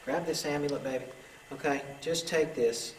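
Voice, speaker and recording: A man working as a paranormal investigator, coaxing unseen spirits with gentle, pleading, repetitive talk inside a derelict island building. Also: on the high side, steady tone, normal speed, a little hiss or hum, rough recording. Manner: gentle, pleading, repeats himself.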